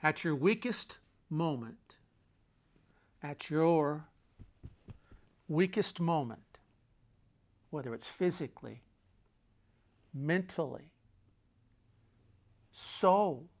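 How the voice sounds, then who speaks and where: A man's voice: on the high side, expressive, extremely slow, long pauses. Emphatic middle-aged man giving a pep talk. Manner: emphatic, repeats key phrases, swings loud and quiet; folksy, talks with his hands. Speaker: host. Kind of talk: motivational talk.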